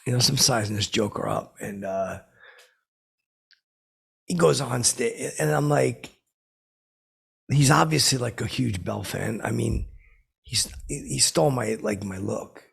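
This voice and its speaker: A man plays a deluded, washed-up comedian rambling boastfully through his own podcast from home in a heavily acted, improvised character monologue. His deeply gravelly voice has a rough, husky rasp and plenty of fry. He speaks in halting, self-important bursts, stalling on fillers and restarting sentences.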